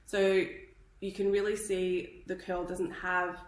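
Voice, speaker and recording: A woman's voice: lowish voice, little pitch movement, takes it slowly, reverberant, low-quality recording. A woman from Australia teaching hairstyling in a live tutorial, chatty and instructive, a little out of breath. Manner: chatty, instructive, checks in with "okay?". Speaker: hairdressing educator.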